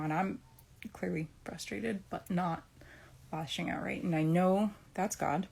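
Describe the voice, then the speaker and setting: A woman's voice: on the low side, takes it slowly, vocal fry, pauses often, a little mellow, husky. A middle-aged woman talking casually about her homeschooling day and faith, rambling with restarts and frequent "right?" check-ins. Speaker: homeschooling mom sharing a faith reflection. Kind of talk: casual personal talk.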